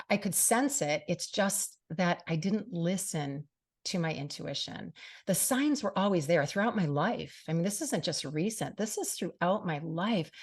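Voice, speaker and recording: Middle-aged female talk host, heartfelt and earnest, slightly low pitch, lots of "you know". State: briefly tearful. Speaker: radio show and podcast host. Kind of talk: personal monologue to listeners.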